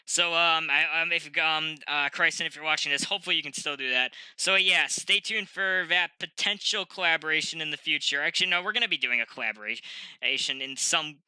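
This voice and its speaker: A young man with a stuffy nose talks casually into a desk mic, hosting his review show. His voice is very bright and crisp, set a little high. He rambles, restarts sentences and fills gaps with ums. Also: fairly quick, no echo, poor audio. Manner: rambling, frequent ums and self-corrections. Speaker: host of a review channel. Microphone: desk microphone.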